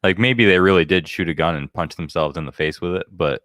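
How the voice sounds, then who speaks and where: A man's voice: low voice, a little fast, fairly bright tone, no echo, clean studio sound. A man co-hosting a casual podcast, bantering with wry skepticism. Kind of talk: casual chat.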